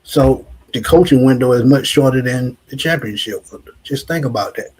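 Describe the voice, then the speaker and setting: Husky-voiced man in his forties talking sports. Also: mid-range voice, moderate pace, a little mellow, poor audio. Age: 40s. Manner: reflective, repeats "like I said". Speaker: sports show co-host. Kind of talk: casual sports talk.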